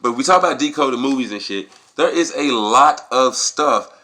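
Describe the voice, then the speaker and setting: Bright-voiced man in a rambling, profane monologue. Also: mid-range voice, normal speed. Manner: profane, rambling, with animated acted-out quotes. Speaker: video blogger. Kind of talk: casual opinion monologue.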